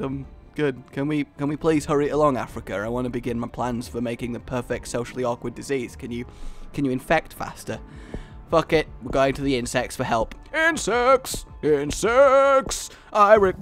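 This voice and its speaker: A man's voice: mid-range voice, fairly quick, soft background music. A man from Scotland doing joking let's-play commentary, talking to himself and the game and laughing often. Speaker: gaming YouTuber.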